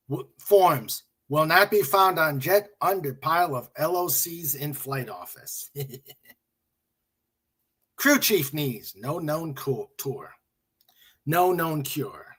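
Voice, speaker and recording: A man's voice: fairly high pitch, sharp tone, breathy edge. A man hosting a casual stream, reading memes and jokes aloud, chuckling and muttering to himself. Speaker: livestream host.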